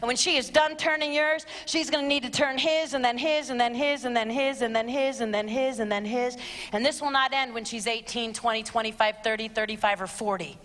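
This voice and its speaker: A middle-aged woman giving a blunt, sarcastic live talk to teens and parents, her voice jumping high when she exclaims. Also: steady tone, brisk, fairly bright tone. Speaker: speaker. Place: church auditorium. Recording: long reverb of a large hall.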